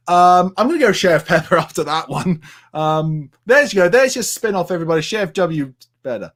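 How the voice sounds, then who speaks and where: A man's voice: high-pitched, wildly swooping pitch, normal speed, long pauses, a bit bright. A man from the United Kingdom chatting casually on a live stream and answering viewers' comments with plenty of fillers.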